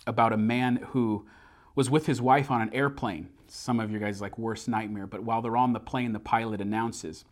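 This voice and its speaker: A man preaching a sermon, earnest and building to emphatic repeated phrases, slowing down to recite a creed. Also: medium pitch. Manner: slows down to recite a memorized creed. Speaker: pastor.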